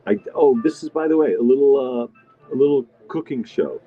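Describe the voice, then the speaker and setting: This middle-aged man livestreams from a restaurant diner, chatting casually, wandering between topics, and answering comments while he eats. His mid-range voice is animated at a normal pace. Audio is dull and lo-fi, with faint background music.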